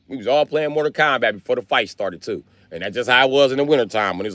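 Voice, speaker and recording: A man on a livestream rants in a rambling, profane comic monologue. His voice swings widely up and down in pitch as he tells the story. The sound is dry and close. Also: animated, fast, few pauses, bright, forceful tone, no echo. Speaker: livestream host. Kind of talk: comedic livestream rant.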